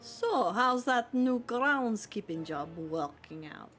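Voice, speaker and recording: A woman's voice: a little high, lively intonation, slow pace, fairly bright tone, soft background music. Woman reading as a prim male lawyer. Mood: earnest. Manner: formal and polite. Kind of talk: reading a game aloud on stream.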